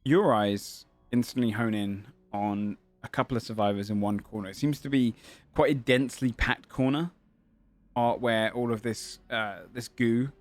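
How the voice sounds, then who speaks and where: A man with a voice on the low side runs a tabletop game as game master, describing scenes at length while filling with ums and correcting himself often.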